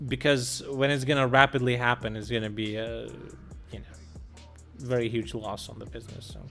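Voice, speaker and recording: A man's voice: mid-range voice, little pitch movement, moderate pace, fairly bright tone, soft background music. A young man ranting sarcastically and with lots of swearing while commenting on a live stream.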